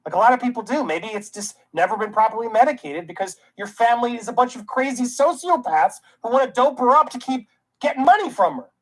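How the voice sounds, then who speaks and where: Fields: Role: ranting commentary host. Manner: indignant, sarcastic. Pitch: middle. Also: animated, fast, poor audio. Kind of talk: reaction commentary.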